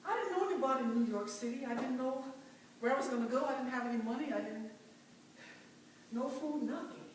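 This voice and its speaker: A woman's voice: high voice, brisk, slight background noise, natural voice. A woman performing a first-person dramatic monologue as a devout, determined mother who was once enslaved, with impassioned cries of "oh" in a large church. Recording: very echoey church, mic far off.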